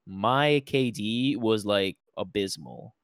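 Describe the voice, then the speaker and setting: A man's voice: fairly low pitch, takes it slowly, no room sound, clean studio sound. A man from Puerto Rico co-hosting a podcast, telling anecdotes in a rambling, filler-heavy way. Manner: rambling, many fillers and restarts. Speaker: podcast co-host. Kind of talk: casual chat, storytelling.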